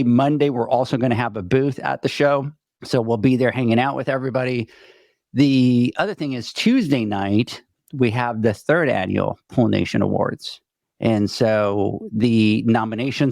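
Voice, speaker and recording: A middle-aged man hosting a podcast over a video call, talking fast and rambling while he is still out of breath. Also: medium pitch, darkish tone, no room sound, studio quality. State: winded. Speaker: podcast host. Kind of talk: casual chat.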